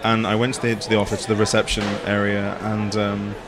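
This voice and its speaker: A man's voice: on the low side, monotone, brisk, music in the background. A man from England with a northern English accent, chatting as a guest and joking a lot. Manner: joking, laughs often. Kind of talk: casual chat.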